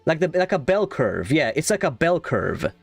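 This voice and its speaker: A young adult man streaming a game, chatting casually in a rambling, excitable way and swearing freely. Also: fairly high pitch, moderate pace, gravelly, breathy edge, no echo, soft background music. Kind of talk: casual gaming stream chat.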